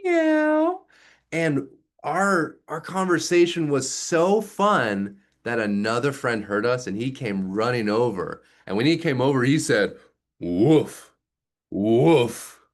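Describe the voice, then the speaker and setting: A man's voice: medium pitch, unhurried. A man in his thirties, a music teacher explaining his method in casual talk and acting out sounds with his voice. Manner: animated, demonstrates sounds with voice play.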